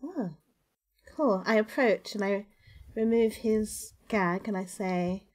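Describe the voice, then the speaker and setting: A woman's voice: medium pitch, takes it slowly, darkish tone. Eager woman playing a tabletop game. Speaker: player. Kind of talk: casual tabletop play.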